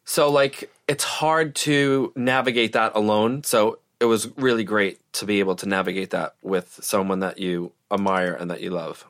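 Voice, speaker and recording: A man with a fairly low voice, talking loosely and conversationally. He is a wedding planner speaking as an interview guest. His sentences are loose and strung together with "like" and "you know". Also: steady tone, moderate pace, hardly any pauses, a bit bright. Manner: chatty, heavy use of "like" and "you know". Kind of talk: casual interview chat.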